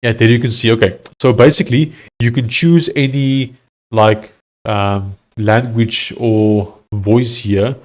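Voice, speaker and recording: A man's voice: medium pitch, steady tone, slow, darkish tone, lo-fi sound. A South African man talking casually as he codes, thinking aloud and hesitant, often restarting his sentences. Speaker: software developer streamer. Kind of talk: casual live-coding commentary.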